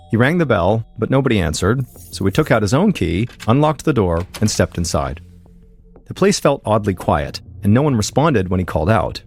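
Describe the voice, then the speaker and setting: A man hosting a podcast, telling a true-crime story in measured, suspenseful scripted narration. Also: on the low side.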